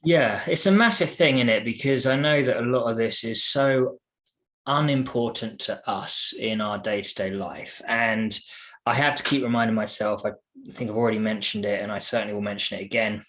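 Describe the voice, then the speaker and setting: Relaxed British man chatting. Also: lowish voice, normal speed. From Britain. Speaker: podcast co-host. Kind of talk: casual Bible chat.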